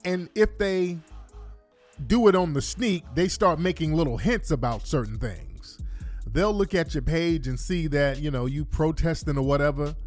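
A man's voice: on the high side, normal speed, darkish tone, faint music behind. A man delivering a blunt, profane ranting monologue, repeating his points for emphasis. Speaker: commentator.

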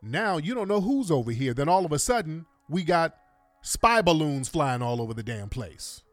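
A man's voice: on the high side, sing-song, moderate pace, no room sound, faint music behind. A man giving impassioned commentary to his viewers, emphatic and repeating catchphrases to the audience. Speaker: online commentator.

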